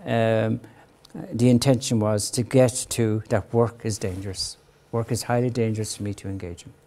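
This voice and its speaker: An older psychologist delivers a sincere parenting talk to parents at a moderate pace, his tone steady and warm. He mimics parents' voices by going higher in pitch and frequently punctuates his points with "right?" as a question.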